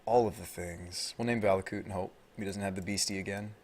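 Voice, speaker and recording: An American man streaming a card game live, commenting casually and talking to his chat, getting loud and high-pitched when tense. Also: fairly even intonation, fairly quick, slight background noise. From United States.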